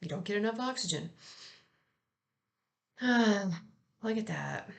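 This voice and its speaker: Relaxed, chatty woman reflecting gently. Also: medium pitch, slow, vocal fry. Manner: relaxed and chatty, with frequent fillers; gentle and encouraging. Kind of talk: casual spiritual reflection.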